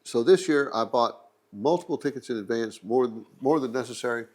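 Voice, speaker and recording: A man's voice: medium pitch, normal speed, darkish tone. Easygoing Texan man telling stories. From Texas. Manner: rambling, joking anecdote with asides. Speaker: museum channel host. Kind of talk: casual storytelling.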